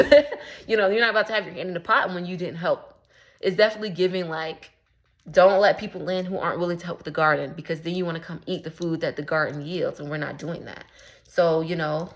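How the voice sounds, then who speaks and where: A woman spiritual coach talking casually in a vlog, slangy and rambling, with lots of filler words and amused at her own jokes. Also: fairly low pitch. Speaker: spiritual coach and womb healer. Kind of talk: casual motivational vlog talk.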